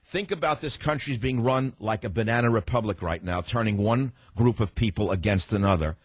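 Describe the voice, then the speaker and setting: A man's voice: fairly low pitch, fairly quick, dry recording. Combative male talk radio host, dry sound. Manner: combative and emphatic, cuts off callers. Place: radio studio.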